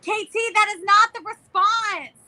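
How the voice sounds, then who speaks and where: A woman's voice: extremely high pitch, a little slow, a little hiss or hum. A woman co-hosting a casual live chat, an actor who talks animatedly and teases her co-host. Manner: animated, teasing, performs voices for others. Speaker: actor auditioning.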